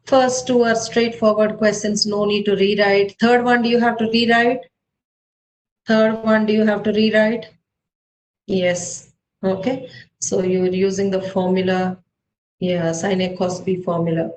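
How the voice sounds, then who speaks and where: A woman teaching an online math class, brisk and directive, checking on her students as she goes. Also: medium pitch, little pitch movement, a little hiss or hum, poor audio.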